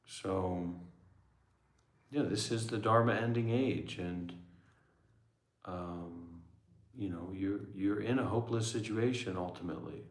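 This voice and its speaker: A man's voice: deep voice, slow pace, pauses often, echoey room. A man who is a former monk and meditation teacher talking bluntly and sardonically on a livestream. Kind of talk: livestream Q&A talk.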